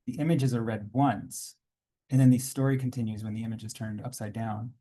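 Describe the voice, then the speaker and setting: Male comics artist reading his memoir to a panel audience, warm, a little breathy, unhurried asides. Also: mid-range voice, steady tone. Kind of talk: reading aloud from his own graphic memoir. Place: conference panel room.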